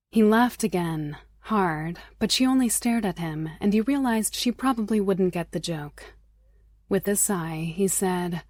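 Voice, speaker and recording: A woman narrating a romance audiobook in a soft, intimate way, often close to a whisper. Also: lowish voice, animated, measured pace, no room sound. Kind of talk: scripted narration.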